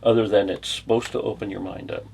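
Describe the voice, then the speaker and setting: A man's voice: fairly low pitch, flat delivery, fast, gravelly, darkish tone, slight background noise. A middle-aged man from the United States, a former bodyguard, answering questions in a rambling, anecdotal way and chuckling through his stories. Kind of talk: casual storytelling interview.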